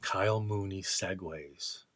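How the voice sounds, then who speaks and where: A man's voice: sits low, slow, over loud music. A man vlogging from his art studio, ranting casually in a sarcastic, profane, mocking way. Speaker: vlogger and artist.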